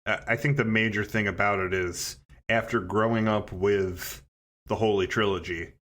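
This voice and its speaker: Male co-host, casual chat, lower pitch, hesitant starts, emphatic points. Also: fairly even intonation, normal speed, fairly bright tone. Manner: hesitant then emphatic, acts out quotes. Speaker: podcast co-host.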